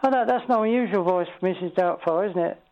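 A man's voice: high voice, fast talker. A cheeky male caller rambles on and keeps breaking into giggles. His voice comes through dull and muffled, like a phone line into a radio studio. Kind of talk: casual phone-in chat.

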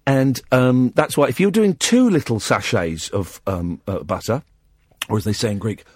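A man's voice: medium pitch, moderate pace, slightly rough, no echo, clean studio sound. A man hosting a late-night phone-in radio show, chatting casually and playfully teasing a caller. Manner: playful, teasing and animated, with frequent laughter. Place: radio studio. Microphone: close studio microphone.

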